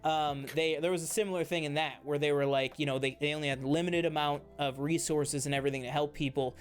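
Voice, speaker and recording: A man's voice: a little high, steady tone, fast. A man co-hosting a casual TV review chat, enthusiastic and rambling, with many fillers and restarts. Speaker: co-host of a TV review show.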